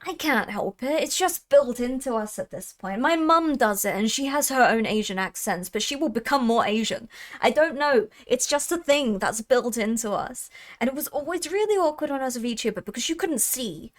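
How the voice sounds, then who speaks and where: A young woman of Thai heritage chatting casually on a livestream, talkative and quick to laugh. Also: on the high side, animated. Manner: chatty, laughs often, trails off. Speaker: streamer.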